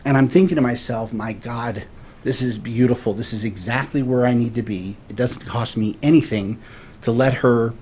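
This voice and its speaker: A man's voice: mid-range voice, normal speed, darkish tone, a little hiss or hum. A man in his forties from Florida, a guest telling stories in an earnest, thoughtful way in a casual interview.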